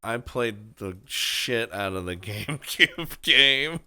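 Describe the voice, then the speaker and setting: A young man co-hosting a casual podcast chat, enthusiastic and quick to laugh. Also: mid-range voice, animated, bright, forceful tone, clean tone, no room sound. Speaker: podcast co-host.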